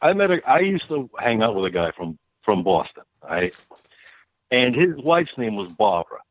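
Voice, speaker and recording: A man in casual chat, an animated and playful storyteller. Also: medium pitch, moderate pace, no room sound. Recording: tinny phone-like line, dry.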